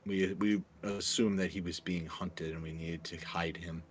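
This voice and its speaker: A man's voice: deep voice, fairly even intonation, normal speed, slight background noise. A man playing in a tabletop game, easygoing and joking. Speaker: player. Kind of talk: casual tabletop play.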